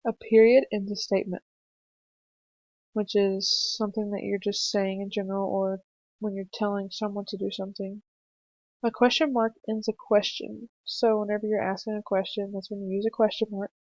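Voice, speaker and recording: A woman's voice: medium pitch, flat delivery, darkish tone, dry recording. Young woman explaining a lesson patiently. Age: young adult. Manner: slow, patient explaining with fillers. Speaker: student teacher presenting a lesson. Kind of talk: narrated screencast lesson for children. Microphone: computer mic for a screencast. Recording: dry, slightly dull home mic recording.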